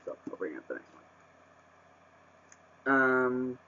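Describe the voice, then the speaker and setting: In a casual vlog captured on a webcam mic, a man reviews a book with a medium-pitched, sing-song voice that's a little slow, pushed and bright. The audio is muffled, and he rambles with many fillers and restarts, breaking into exasperated rants.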